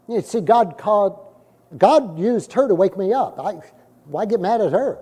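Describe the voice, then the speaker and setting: A middle-aged male pastor preaching a sermon, telling stories and acting out the dialogue, with sudden loud bursts. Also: high voice, a little slow, slightly rough. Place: church sanctuary. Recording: long hall reverb from a church.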